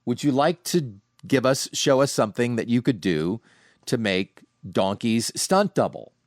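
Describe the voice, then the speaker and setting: A middle-aged man hosting a podcast, casually telling animated anecdotes from home with frequent restarts. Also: mid-range voice, a little slow, no echo, studio quality. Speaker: podcast host. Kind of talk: casual storytelling monologue. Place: home, sitting on a couch.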